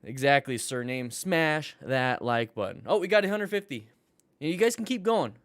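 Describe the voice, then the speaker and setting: This motorcycle riding instructor has a mid-range, expressive, fairly bright voice at a moderate pace, recorded with no room sound. He runs a live-streamed class reviewing riding videos, joking with viewers and coaching in an upbeat way.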